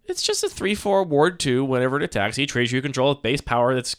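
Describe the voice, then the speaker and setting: A man co-hosting a casual podcast chat, quick and teasing, prodding his co-host along. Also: medium pitch, lively intonation, smooth, no room sound, clean studio sound.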